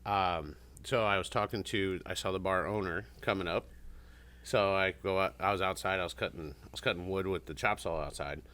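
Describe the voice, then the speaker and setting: A man's voice: sits low, a little fast, bright, forceful tone. A man chatting casually, rambling through stories and acting out what others said. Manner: rambling storyteller, acts out quotes. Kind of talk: casual chat.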